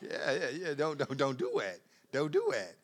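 A man preaching a sermon in a conversational way, repeating words, laughing often, and swinging from quiet asides to loud emphatic bursts. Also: mid-range voice, sing-song, normal speed.

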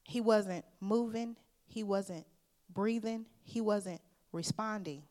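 A woman preaching a sermon. Her delivery is earnest and emphatic, and she speaks to the congregation in a loose, conversational way, calling them "y'all." Her pitch sits at an ordinary middle height. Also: takes it slowly, a little mellow. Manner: informal, conversational phrasing. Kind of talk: sermon with personal testimony.

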